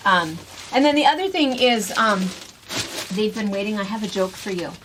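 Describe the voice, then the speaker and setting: A woman's voice: medium pitch, expressive, normal speed. A woman hosting a casual box-opening chat, telling stories and laughing often. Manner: chatty, storytelling, laughs often. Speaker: shop host. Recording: noisy room recording.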